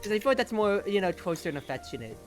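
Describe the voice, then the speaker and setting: A streamer, chatting in a lively, teasing way over voice chat while gaming. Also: mid-range voice, rapid-fire, over music. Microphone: home mic over voice chat.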